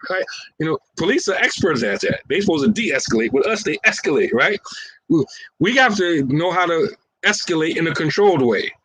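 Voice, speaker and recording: A man's voice: on the high side, expressive, brisk, a bit bright, breathy edge, rough recording. A man, talking casually and playfully while acting out everyday scenarios and chuckling at his own lines.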